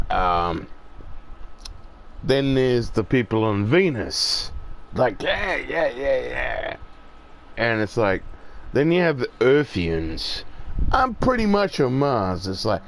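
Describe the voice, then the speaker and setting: Slow, animated man ranting. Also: lowish voice, a little hiss or hum. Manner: profane, rambling, worked-up ranting. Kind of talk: rambling casual monologue.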